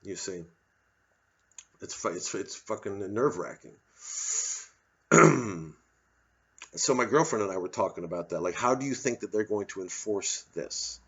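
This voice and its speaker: A man's voice: lowish voice, lively intonation, normal speed, creaky, pauses often, a bit bright. A man doing a profane, sardonic ranting monologue as a comedian. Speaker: comedian doing a solo show. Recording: slightly dull lo-fi audio.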